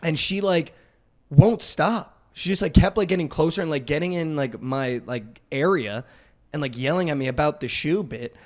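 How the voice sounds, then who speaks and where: Rambling young man, a bit high-voiced. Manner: rambling, heavy use of "like", quick swings in loudness. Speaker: podcast host. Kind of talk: casual storytelling chat.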